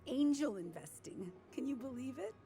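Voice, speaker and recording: A woman's voice: high voice, lively intonation, moderate pace, dark tone, faint music behind. A woman playing a chatty older small-town cafe owner in a video game, sweet and gossipy, calling everyone dear. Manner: gossipy, sweet, calls people dear and hun.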